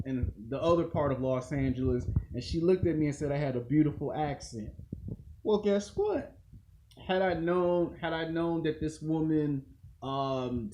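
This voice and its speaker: A man's voice: fairly high pitch, background noise. A man hosting his own online show, talking in a crude, slangy, rambling monologue that circles back on itself. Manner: crude, slangy, repetitive rant. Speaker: YouTube show host.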